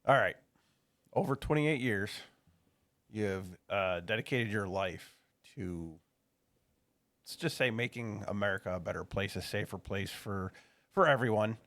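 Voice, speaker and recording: Man, co-host, low-pitched, slow, measured, halting. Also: animated, fairly bright tone. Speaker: podcast co-host. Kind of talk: interview question.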